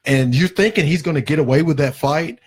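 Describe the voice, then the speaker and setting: A man's voice: fairly high pitch, brisk, husky. A man co-hosting a podcast, chatting casually and enthusiastically in fragments. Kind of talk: casual chat.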